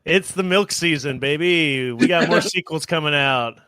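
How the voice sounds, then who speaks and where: Bright-voiced young man co-hosting a podcast. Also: a little high, moderate pace, clean tone, dry recording. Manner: laughs easily, joking. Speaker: podcast co-host. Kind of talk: casual chat.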